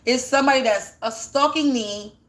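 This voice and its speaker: High-voiced woman with a teary-sounding voice. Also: moderate pace, a bit bright. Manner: rambling, asks and answers her own questions. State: voice sounds teary, like near crying. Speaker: spiritual energy reader. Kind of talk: casual spiritual reading, thinking aloud.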